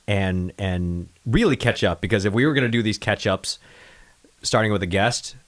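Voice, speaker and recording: Low-voiced, animated podcast host. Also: male voice, moderate pace. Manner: animated storyteller, swears casually. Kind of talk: casual chat.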